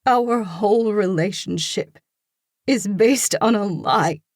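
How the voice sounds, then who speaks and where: Audiobook figure: hurt young barista, put on by the narrator, raised, tearful, accusing voice, slow and husky. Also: medium pitch, animated, darkish tone, no room sound, studio quality, pitched above the performer's own voice. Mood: distraught.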